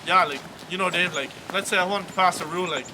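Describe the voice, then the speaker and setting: A man's voice: high voice, quick pace, background noise, lightly acted. A young man playing a chatty Canadian hoser in an amateur comedy sketch, outdoors, filling every phrase with "like" in a Canadian accent. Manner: filler-heavy, says "like" constantly. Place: outdoors on a snowy hill.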